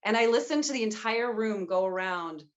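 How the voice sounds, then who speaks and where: Smooth-voiced American woman, neutral accent. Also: medium pitch, animated, moderate pace, dull audio. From United States. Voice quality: smooth, silky voice. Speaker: voice actor guest. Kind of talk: casual interview chat.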